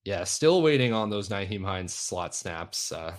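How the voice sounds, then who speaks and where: Low-voiced relaxed male podcast co-host. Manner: relaxed, self-deprecating, halting with restarts. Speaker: fantasy football podcast co-host. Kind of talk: casual podcast chat.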